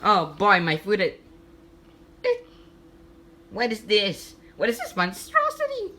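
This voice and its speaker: A woman's voice: medium pitch, huge pitch swings, bright, forceful tone, slight background noise, exaggerated voice. A woman voicing a bossy, hot-tempered customer who hires a chef, in a put-on Italian accent, for a homemade comedy skit. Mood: furious. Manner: blustering, quick to rant and threaten.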